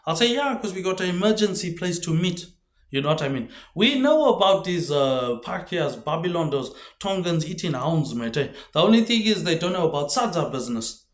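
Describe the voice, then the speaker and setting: A man's voice: lively intonation, moderate pace. Rambling man in an echoey room. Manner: rambling, drops pitch and volume on tag words like "mate". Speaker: video host. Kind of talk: rambling monologue.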